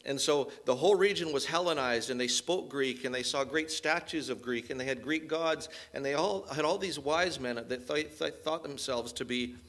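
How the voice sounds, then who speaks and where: A man's voice: mid-range voice, fairly bright tone. A man preaching an expository sermon as pastor, earnest and emphatic, with rhetorical questions.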